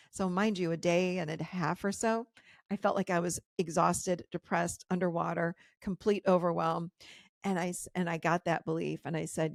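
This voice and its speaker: A woman's voice: lowish voice, gravelly, no room sound, clean studio sound. A middle-aged woman hosting a podcast, candidly retelling a personal story and acting out the dialogue. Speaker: podcast host.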